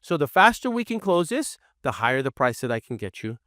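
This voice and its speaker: A man coaching real estate wholesalers, speaking bluntly and acting out his own lines to sellers in a lower, firmer voice. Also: big pitch swings, brisk, fairly bright tone, no echo, studio quality. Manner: direct, blunt, role-plays scripted seller lines in a low firm voice. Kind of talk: training presentation.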